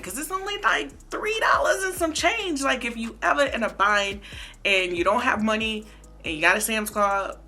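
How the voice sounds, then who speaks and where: A young woman vlogger telling a casual storytime, animated and slangy, talking straight to her viewers. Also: fairly high pitch, normal speed. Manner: animated, slangy, addresses viewers as baby and girl.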